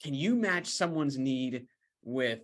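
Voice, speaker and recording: A man's voice: mid-range voice, animated, takes it slowly. Easygoing male interview host. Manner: easygoing, affirming, with frequent fillers. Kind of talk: casual interview chat.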